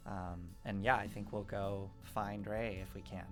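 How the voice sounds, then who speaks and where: A woman's voice: rumbling low, steady tone, a little slow, over music. A woman in a tabletop role-playing game, talking casually and hesitantly with many fillers and easy laughs. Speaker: player. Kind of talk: tabletop role-play chat.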